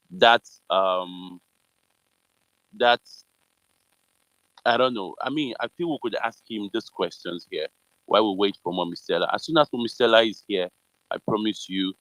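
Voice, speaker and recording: A man's voice: fairly low pitch, a bit bright, no room sound, low-quality recording. A man hosting a live audio chat room, hedging with lots of fillers but pointed in his questions. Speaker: host.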